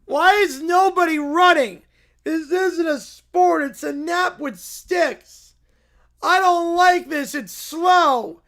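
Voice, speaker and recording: A performer voicing a bratty, demanding young child who whines and shouts complaints. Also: very high-pitched, takes it slowly, exaggerated voice. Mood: complaining.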